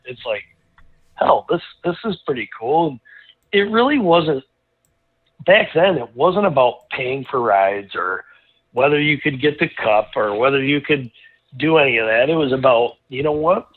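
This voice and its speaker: A middle-aged man, a guest racing driver, telling a rambling, animated anecdote in casual conversation, full of restarts. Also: medium pitch, normal speed. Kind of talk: casual storytelling. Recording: tinny phone-like line.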